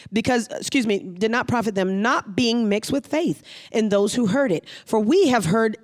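In a sermon, a pastor reads scripture and then explains it, preaching emphatically and repeating phrases over and over. The voice is medium in pitch with a moderate pace.

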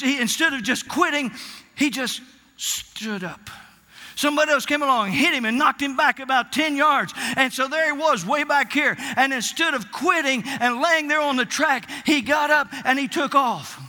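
A man preaching a Pentecostal sermon, stammering into his stories and building to fervent shouting. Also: extremely high pitch.

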